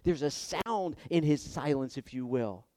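A male pastor preaching a sermon with impassioned delivery, moving between hushed passages and loud emphatic ones. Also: fairly high pitch, expressive, unhurried, no echo, clean studio sound.

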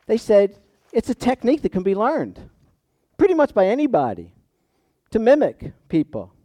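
A middle-aged man preaches a sermon in an easy, conversational way. His voice sits a little high and swings from loud, emphatic peaks down to quiet asides. The sound is dry and close, with no room echo. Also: huge pitch swings, normal speed. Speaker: pastor.

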